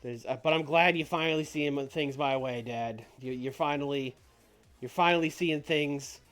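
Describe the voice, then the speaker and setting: A man plays a smug young wrestler talking down to his old man, a bit higher than his usual voice. He stumbles and restarts as he goes, and faint music sits under him. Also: normal speed, fairly bright tone, close to an everyday voice. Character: cocky young male wrestler, the legend's son.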